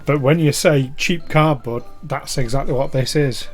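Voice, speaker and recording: A man's voice: mid-range voice, moderate pace, over music. A British man, a tabletop game player, making dry, terse remarks in casual chat. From Britain.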